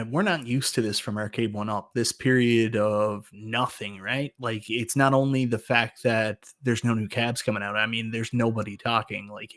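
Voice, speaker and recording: Measured man with a Newfoundland accent. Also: medium pitch, a bit bright, no room sound. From Newfoundland, Canada. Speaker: podcast co-host. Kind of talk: casual live-stream chat.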